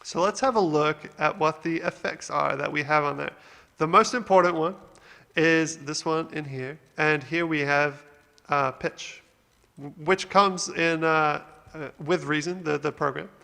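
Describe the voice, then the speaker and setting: A man's voice: fairly high pitch, measured pace, vocal fry, pushed and bright, big-room sound. A man from Australia hosting a casual music production walkthrough, upbeat and rambling with fillers. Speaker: music producer, channel host.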